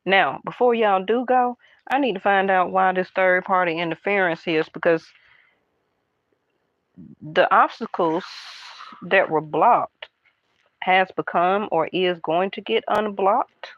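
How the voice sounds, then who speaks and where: Slow, hushed woman tarot reader. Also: medium pitch, no echo, lo-fi sound. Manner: hushed, half-whispering, chatty aside asides. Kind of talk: casual tarot card reading.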